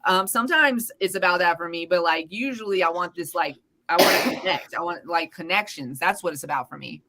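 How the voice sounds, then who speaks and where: A woman's voice: lowish voice, fairly quick, heavy background noise. A woman co-hosting a casual podcast, telling stories with lots of laughter and swearing, and she calls her listeners "y'all". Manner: animated storyteller, laughs often, swears freely. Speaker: podcast co-host. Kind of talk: casual chat.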